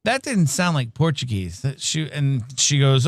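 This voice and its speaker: This podcast co-host has a mid-range voice and speaks unhurriedly with few pauses, captured in a dry recording. Chatting casually on a livestreamed show, he tells an animated story, laughs often, and acts out the dialogue he quotes.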